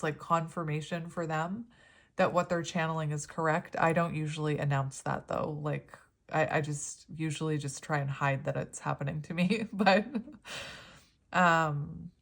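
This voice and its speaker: A woman in her thirties giving a pick-a-card tarot reading at home, talking gently and rambling with fillers. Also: low voice. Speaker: tarot reader.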